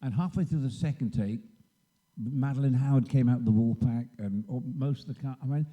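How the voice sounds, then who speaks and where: A man's voice: mid-range voice, fairly quick, mellow, lo-fi sound. An older man telling rambling anecdotes on a convention panel and acting out the voices of people he quotes. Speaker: guest actor on a convention panel. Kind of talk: anecdotal storytelling. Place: convention stage.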